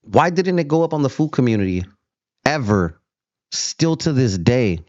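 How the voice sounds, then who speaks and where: A man's voice: medium pitch, very animated, normal speed, darkish tone, dry recording, muffled recording. A host on a confrontational callout rant, taunting his target and calling him fool again and again. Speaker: show host.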